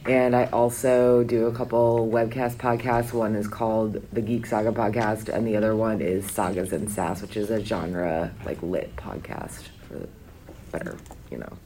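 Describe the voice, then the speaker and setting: A woman's voice: very deep voice, flat delivery, normal speed, dark tone, slight background noise. A woman speaking as a podcaster on a convention panel, bubbly and giggly with many fillers, in a convention room.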